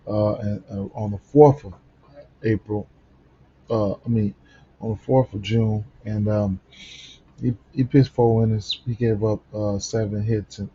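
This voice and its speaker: A sleepy man talks through his betting picks in a very dark, mellow low voice, circling back with lots of fillers and restarts. The recording is slightly dull and lo-fi, with a faint hiss behind him. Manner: rambling, many fillers and restarts. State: sleepy, yawning early in the morning. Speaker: sports betting host. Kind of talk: casual betting picks rundown.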